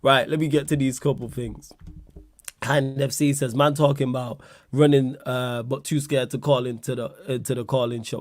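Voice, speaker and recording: A man's voice: medium pitch, steady tone, moderate pace, no room sound. A man hosting a casual livestream chat, laughing a lot, swearing and using slang while answering viewer questions.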